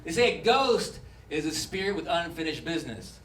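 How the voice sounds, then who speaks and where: A man in his forties doing a stand-up set, jumping into quick character voices as he talks. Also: on the high side, sing-song. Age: 40s. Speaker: stand-up comedian. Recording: roomy club sound from a distant mic, loud crowd noise.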